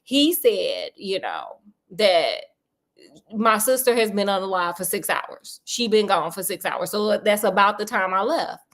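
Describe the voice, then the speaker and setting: A woman's voice: mid-range voice, lively intonation, unhurried, fairly bright tone. A woman voicing a defensive man who rambles and hedges about a family money feud. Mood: explaining. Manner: rambling, hedging.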